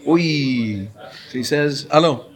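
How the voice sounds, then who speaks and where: Here a male Torah teacher talks slowly at a medium pitch. The lesson is on Hebrew pronunciation, and he mixes explanation with questions for the class.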